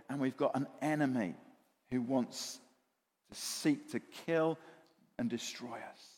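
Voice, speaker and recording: A man preaches with a high voice, now rushing, now slowing down to stress a word. He often repeats himself and asks his listeners questions. The sound carries a long reverb from the hall. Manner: animated, repeats words, asks the congregation questions. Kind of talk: sermon.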